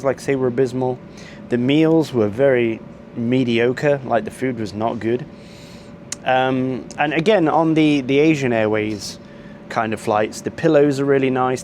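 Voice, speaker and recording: A man's voice: mid-range voice, a little mellow, a little hiss or hum. A man, telling a rambling travel story to camera and complaining at length, with frequent ums and restarts. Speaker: travel vlogger.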